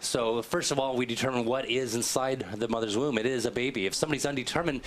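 A man's voice: medium pitch, steady tone, fast talker, slight background noise. A man on a talk-show team answering a question in a folksy way, acting out little dialogues.

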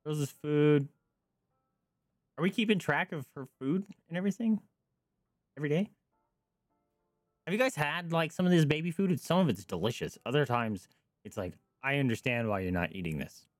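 A man streaming a game, joking and reacting with animated asides as he plays. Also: fairly high pitch, moderate pace, long pauses, no room sound, clean studio sound, soft background music. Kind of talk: live gameplay commentary.

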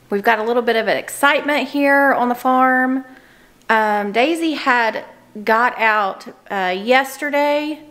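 A woman vlogging outdoors on her farm with a handheld camera, talking in an excitable, breathless way. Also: fairly high pitch. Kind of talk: casual vlog narration.

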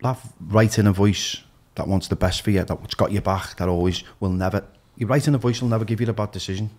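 A man's voice: lowish voice, steady tone, quick pace, darkish tone. A middle-aged man with a Liverpool accent, speaking frankly and emphatically as a podcast guest, swearing freely. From Liverpool, England. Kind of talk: candid podcast conversation.

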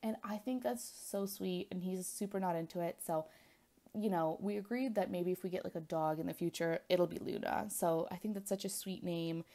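A woman's voice: lowish voice, moderate pace, dark tone. A young woman vlogger answering questions in casual chat, rambling with lots of fillers and small giggles. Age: young adult. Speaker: planner vlogger.

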